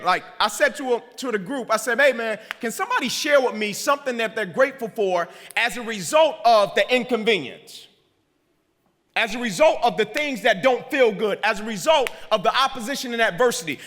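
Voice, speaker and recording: A man's voice: high-pitched, pushed and bright. A male motivational speaker giving a keynote speech in a preacherly way, repeating lines for emphasis and checking in with the crowd. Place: large hall. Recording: hall reverb.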